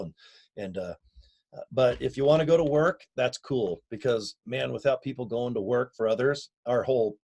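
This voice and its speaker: A man in his fifties talks casually and energetically into his own camera, pitching an online business in a folksy, slangy, emphatic way. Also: moderate pace, a little mellow, poor audio. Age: 50s. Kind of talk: casual self-recorded video pitch. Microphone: camera or phone mic.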